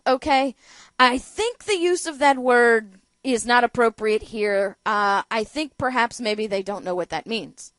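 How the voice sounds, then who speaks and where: Woman talk radio host, high voice, dry close sound, sarcastic, emphatic political commentary. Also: measured pace, fairly bright tone, dry recording. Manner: sarcastic, rhetorical questions, emphatic.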